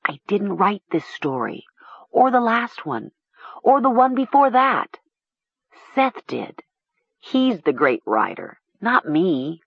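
A woman's voice: medium pitch, sing-song, takes it slowly, creaky, breathy edge, no echo, dull audio, exaggerated voice. A woman voicing a nervous, cornered teenage girl who sounds anxious and pleading.

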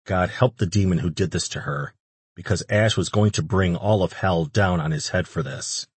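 A man reading an audiobook in steady, even scripted narration, recorded close on a studio mic. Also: low voice, moderate pace, slightly rough, no echo.

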